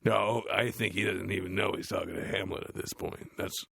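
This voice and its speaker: A gruff, dim cartoon heavy metal frontman mutters deadpan through an audiobook reading. His voice is low and deeply gravelly. It is recorded close and dry, with no room sound. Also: fairly quick, no echo, full character voice. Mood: bored grumbling. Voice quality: gravelly, growly. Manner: deadpan, grumbling, dismissive.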